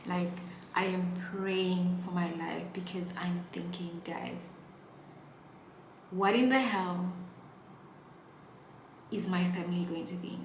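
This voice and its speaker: Young woman from namibia, vlog storyteller, dramatic, hushed then loud, echoey room, faint ambience. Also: on the low side, slight background noise. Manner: dramatic, swings from hushed asides to loud exclaiming. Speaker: YouTuber telling a story.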